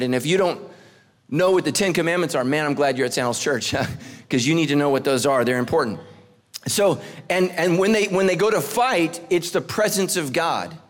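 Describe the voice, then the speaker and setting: A man in his forties preaching a humorous sermon as pastor. He jokes with the congregation, climbs to near-shouts on punchlines, and drops low and soft when he prays. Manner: animated, joking, rising to near-shouts on punchlines.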